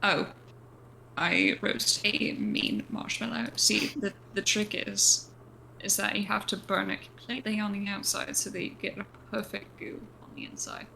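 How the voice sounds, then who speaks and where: Woman player, gravelly edge, bright tone, faint hiss, playful. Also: mid-range voice, level tone, normal speed, low-quality recording. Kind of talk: casual chat during a game.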